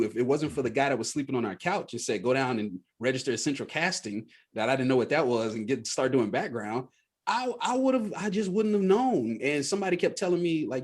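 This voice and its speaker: A man's voice: on the high side, animated, fast, breathy edge. A man, an actor and coach guest on a podcast, telling his story and laughing often. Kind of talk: casual interview.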